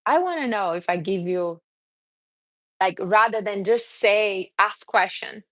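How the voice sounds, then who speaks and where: A woman's voice: medium pitch, takes it slowly, pauses often, no echo. A woman from Brazil with a Brazilian accent, talking casually and earnestly on a live stream as a self-esteem coach, answering viewers by name. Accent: Brazilian Portuguese. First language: Portuguese.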